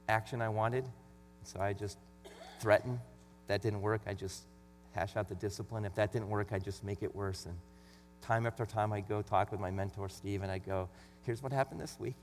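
A man's voice: lowish voice, fairly even intonation, normal speed, soft background music. Man preaching in an echoing hall. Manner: earnest, conversational preaching with rising emphasis when reading scripture. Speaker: pastor. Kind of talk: sermon. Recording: long hall reverb with faint mains hum.

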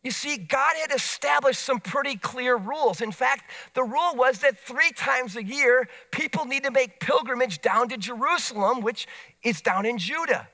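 A man preaching a sermon, retelling scripture in animated storytelling with casual asides. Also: very high-pitched, normal speed.

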